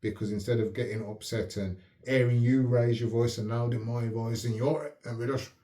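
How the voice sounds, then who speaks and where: A man hosting his own channel, talking in a calm, measured, reflective way and often asking if the listener follows. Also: medium pitch. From United Kingdom. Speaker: channel host. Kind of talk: reflective casual talk to camera. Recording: roomy echo.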